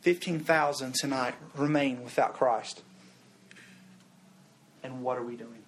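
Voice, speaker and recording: A man's voice: mid-range voice, fairly even intonation, a little slow, slight background noise. A young man preaching a fervent sermon at a youth revival service, calling his listeners "guys.". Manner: fervent, calls the crowd "guys".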